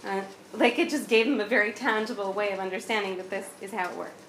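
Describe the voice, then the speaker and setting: A woman's voice: medium pitch, steady tone, fast talker, fairly bright tone, a little hiss or hum. Thirtysomething woman telling her own story, talks candid and chatty, roomy echo around her. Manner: candid, conversational, acts out dialogue. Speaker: guest sharing a personal story. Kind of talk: personal storytelling.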